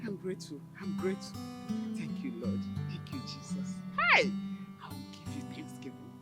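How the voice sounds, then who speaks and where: An actress with a Nigerian accent playing an excitable, devout older village mother on a phone call, soon to be a grandmother. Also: mid-range voice, unhurried, over loud music. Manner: exclamatory, breaks into praise and cries. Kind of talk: film acting.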